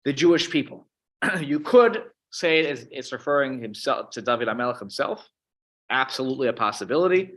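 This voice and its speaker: A man teaching a Psalms class, explaining Hebrew words in an animated way with frequent restarts. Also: mid-range voice, fairly quick. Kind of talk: Torah class lecture.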